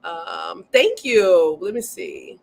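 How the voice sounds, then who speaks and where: A woman hosting a casual livestream, excitedly reading viewer comments aloud and often saying "y'all.". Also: lowish voice, slow. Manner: says "y'all" often, Southern-tinged speech. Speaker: livestream host.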